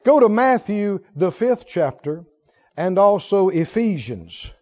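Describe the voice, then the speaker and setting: Speaking slowly in a high, slightly mellow voice, this male preacher is very animated as he gives a fervent sermon. He exhorts the congregation and urges them to respond, and the lo-fi recording sounds dull.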